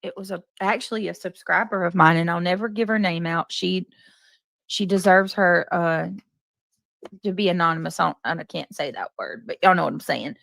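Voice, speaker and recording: Woman streamer, gravelly, dry close mic, chatty. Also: on the low side, moderate pace, a bit bright, no echo. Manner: chatty, greets viewers by name. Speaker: live stream host. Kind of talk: casual live stream chat.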